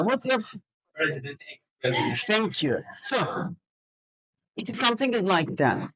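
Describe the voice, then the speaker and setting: A woman's voice: medium pitch, big pitch swings, takes it slowly, pauses often, fairly bright tone, poor audio. A woman teacher trainer running a classroom lesson, drilling students with questions and counting out word stress. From Azerbaijan.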